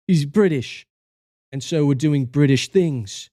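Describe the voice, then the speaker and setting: A man's voice: a little high, expressive, slow pace, dark tone, no room sound, clean studio sound. A man talking casually to his livestream chat, goofy and joking as he reviews game cards.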